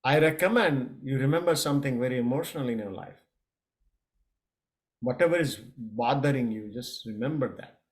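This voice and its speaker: Halting middle-aged man teaching yoga. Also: medium pitch. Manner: halting, many restarts and fillers, chuckles often. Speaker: yoga coach. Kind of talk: casual spoken lesson.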